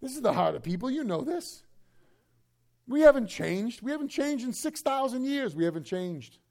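A man preaching a sermon in a conversational, animated way, slipping into quick acted asides. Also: extremely high pitch, creaky.

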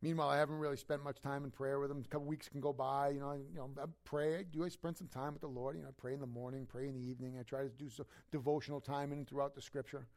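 A man preaching as a pastor, talking conversationally with many fillers and moving between quiet, prayerful passages and loud, climbing climaxes. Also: flat delivery, rapid-fire, hardly any pauses. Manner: swings from soft, intimate prayerful tones to loud, high preaching climaxes. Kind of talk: sermon.

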